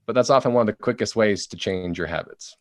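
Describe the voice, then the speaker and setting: A book author on a podcast explains things easily and conversationally, often acting out short quoted phrases with animation. His voice is on the low side and fast, with no echo.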